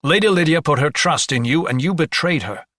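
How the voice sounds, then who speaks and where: A man's voice: on the high side, lively intonation, fairly quick, fairly bright tone, no echo, studio quality, pitched above the performer's own voice. A man voicing an indignant young doctor. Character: young earnest doctor seeking justice, man.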